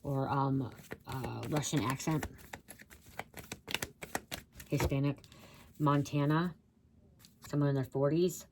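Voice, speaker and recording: A woman's voice: extremely low pitch, steady tone, slow, pauses often, background noise. A woman giving a rambling channeled psychic reading, blurting out words she hears and swearing casually. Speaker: psychic reader.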